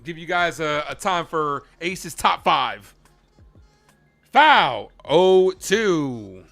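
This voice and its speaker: A man hosting a live baseball stream, chatting casually with viewers while calling the pitches in an animated way. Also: extremely slow, vocal fry, soft background music. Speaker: live play-by-play streamer and host.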